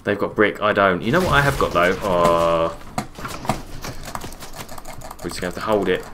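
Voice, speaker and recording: A man streaming a game live, chatting casually, reading viewers' messages aloud and answering them between quick calls about the play. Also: sits low, noisy background. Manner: relaxed, chatty, repeats his own phrases. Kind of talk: casual live-stream commentary while gaming.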